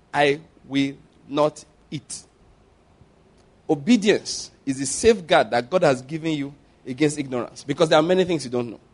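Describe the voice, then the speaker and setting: A male preacher, animated and full of storytelling as he acts out scenes. His voice sits high for a man and leaps up and down. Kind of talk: sermon.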